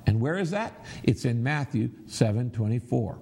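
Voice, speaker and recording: A man's voice: medium pitch, animated, moderate pace, creaky, few pauses, mellow, breathy edge. A middle-aged man preaching a sermon, teaching his congregation and leading them in reciting aloud, with emphatic repetition. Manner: instructive, leads the audience in reciting aloud; emphatic, repeats phrases for emphasis. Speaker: pastor.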